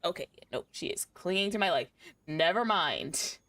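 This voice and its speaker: A woman's voice: lowish voice, expressive, moderate pace, fairly bright tone, no room sound. A young woman VTuber chatting casually on a gaming stream, rambling with many fillers. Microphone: desk streaming mic.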